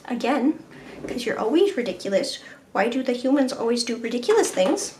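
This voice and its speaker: A woman's voice: a little high, very animated, a little fast, darkish tone, a little hiss or hum. A woman voicing the thoughts of her exasperated female pet dog, who finds humans ridiculous, in a dry, mock-disdainful tone. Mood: unimpressed.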